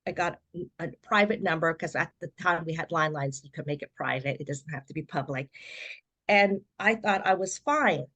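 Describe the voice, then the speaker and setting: A middle-aged woman, a podcast guest, telling her personal story in a lively way and acting out what other people said. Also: low-pitched, normal speed. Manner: animated storyteller who acts out quoted voices.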